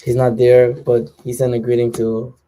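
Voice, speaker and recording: A man with a mellow, dark voice co-hosts a livestream. He reads out chat greetings and viewer questions in a relaxed way. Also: medium pitch, normal speed, rough recording.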